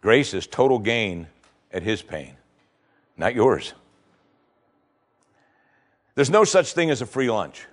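A man delivering a sermon as pastor. His voice climbs high on emphatic questions and drops low when he explains, with a middle-pitched, preacherly cadence. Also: very animated, slow, pauses often.

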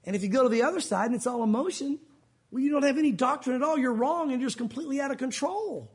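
Guy preaching a sermon, really high husky voice, earnest, keeps throwing out questions to the congregation. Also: fast talker. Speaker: pastor. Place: church service.

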